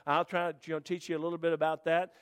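A man preaching to a congregation, telling a rambling, animated story with restarts. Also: a little high, fast talker, smooth. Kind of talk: storytelling sermon.

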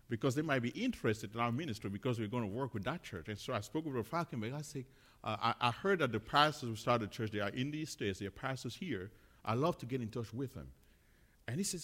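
A man, a missionary, sharing testimonies in church in a chatty, halting way with many fillers. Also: medium pitch, expressive, big-room sound. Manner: chatty, many fillers and restarts, laughs often.

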